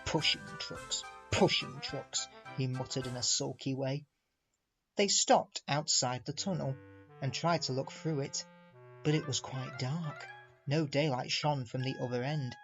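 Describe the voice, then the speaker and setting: A man narrating a storybook aloud, expressive and speaking to the listener directly. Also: medium pitch. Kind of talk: storybook reading.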